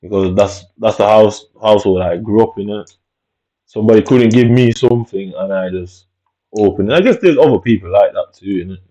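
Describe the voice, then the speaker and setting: Mellow, low-voiced British man rambling. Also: brisk, rough recording. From Jamaica. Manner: rambling and reflective, tags lines with "innit". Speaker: vlogger. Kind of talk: casual storytelling monologue.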